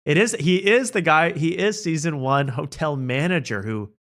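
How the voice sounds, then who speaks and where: A man's voice: a little high, moderate pace, a bit bright. A man hosting a late-night show, chatting casually and joking about clips, often laughing. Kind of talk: casual chat reacting to clips.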